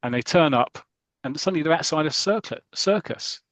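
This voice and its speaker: A man's voice: fairly high pitch, a little fast, no room sound, low-quality recording. A man hosting a podcast, retelling a comic story in casual chat and acting out the characters' lines. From England. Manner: animated storytelling, acting out quotes. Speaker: podcast host.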